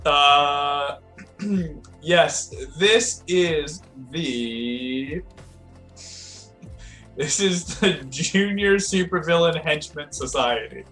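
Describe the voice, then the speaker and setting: A man's voice: a little high, lively intonation, drawn-out words, bright, forceful tone, soft background music. A man hosting casual improv banter in a laid-back way. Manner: laid-back, laughs often.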